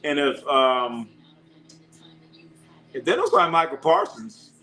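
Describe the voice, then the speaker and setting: A man hosts a casual live sports stream and reacts to viewer comments as they come in. His voice sits a bit high for a man, and it often jumps up into excited bursts. He keeps the talk loose and conversational. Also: takes it slowly.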